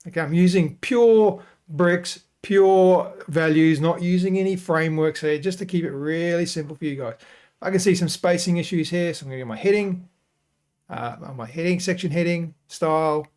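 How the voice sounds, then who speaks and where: A man's voice: high voice, moderate pace, a little mellow. Man explaining while clicking through steps. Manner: thinking aloud step by step, casual and explanatory. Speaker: web design tutorial host. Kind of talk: screen-recorded software tutorial.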